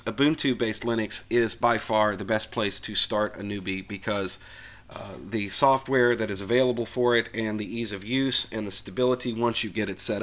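Frustrated low-voiced man ranting to camera. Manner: animated, frustrated, conversational with fillers. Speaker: Linux video host. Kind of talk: casual opinion rant to camera.

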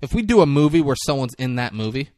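A man's voice: mid-range voice, big pitch swings, darkish tone, no room sound, clean studio sound. A man co-hosting a podcast, casually recapping a film scene by scene and slipping into short impressions of the characters. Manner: recaps scenes, acting out lines in quick impressions. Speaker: podcast co-host. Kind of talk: casual movie recap chat.

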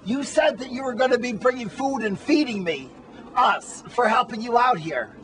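A man playing a squeaky whiny camper. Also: expressive, normal speed, slight background noise, low-quality recording. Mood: complaining. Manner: whining, complaining, often shouting. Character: whiny, food-obsessed grown man camper. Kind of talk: amateur comedy spoof acting.

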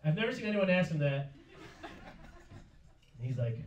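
A man's voice: a little high, big pitch swings, unhurried, pauses often, lo-fi sound, a little hiss or hum. A man performing a stand-up comedy set in a club, telling a story and laughing through his lines. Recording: roomy club sound from far off, loud audience.

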